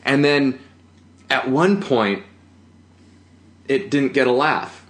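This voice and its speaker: A man's voice: medium pitch, takes it slowly. Male actor, mid-range voice, rambling casual storyteller, echoey room. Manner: rambling, many fillers and restarts, laughs often. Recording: roomy echo.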